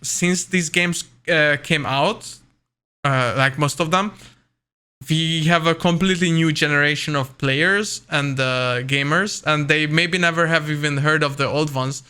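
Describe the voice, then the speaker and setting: Rather high, bright and crisp, a young man talks games in loose, eager, filler-heavy chat. He rambles from one point to the next with easy enthusiasm, co-hosting a relaxed podcast. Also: measured pace. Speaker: podcast co-host. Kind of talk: casual gaming chat.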